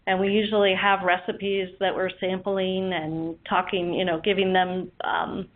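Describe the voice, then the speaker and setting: Woman dietitian guest, friendly and unhurried, thin phone-line audio. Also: mid-range voice, flat delivery. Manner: friendly, hesitant with fillers. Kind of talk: casual phone interview.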